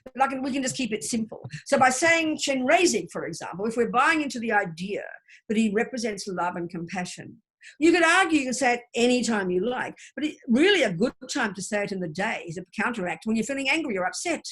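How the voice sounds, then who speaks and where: A woman's voice: fairly high pitch, animated, a little fast, husky. A woman teaching a Buddhist study group over a video call, explaining mantras and leading recitation. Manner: warm explanatory teaching, chants mantra syllables for listeners to repeat.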